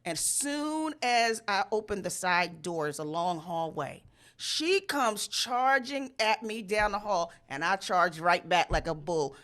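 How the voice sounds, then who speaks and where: Bright sharp-voiced woman telling a crazy story, lots of swearing, loud high voices when she quotes folks. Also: expressive, measured pace. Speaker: storyteller host. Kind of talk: casual storytelling chat.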